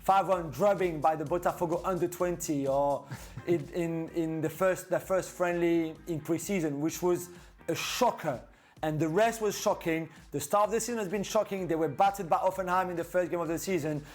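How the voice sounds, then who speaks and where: A man giving a blunt, quick verdict as a football pundit, hammering his point with repeated words. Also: high-pitched, darkish tone. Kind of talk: studio panel chat.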